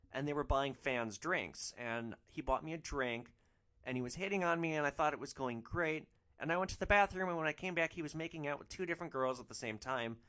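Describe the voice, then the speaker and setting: A man's voice: on the high side, pushed and bright. A man voicing a fed-up young woman passenger who scolds sharply.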